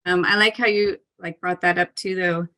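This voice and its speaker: A woman's voice: on the low side, steady tone, normal speed, sharp tone. A woman talking as a parkour coach in a casual interview, earnest and chatty, with frequent "um" and "like" fillers and light laughs.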